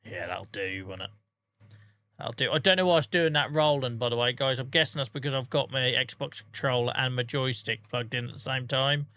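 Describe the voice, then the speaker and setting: A man's voice: mid-range voice, a little fast, sharp tone, no echo. A man in his forties chatting casually on a gaming livestream, self-mocking and joking, with light swearing and frequent laughter. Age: 40s.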